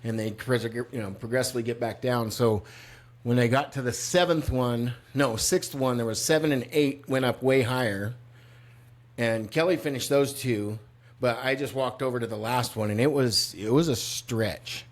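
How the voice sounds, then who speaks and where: Older male podcast co-host, animated casual storyteller, mid-pitched everyday voice. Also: normal speed. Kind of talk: casual chat.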